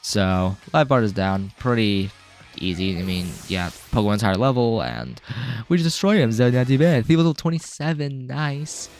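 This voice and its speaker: A man's voice: on the low side, very animated, normal speed, a little mellow, clean tone, soft background music. Chatty man narrating a game. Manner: rambling, chatty, self-correcting. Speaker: game walkthrough host. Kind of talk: casual gameplay commentary.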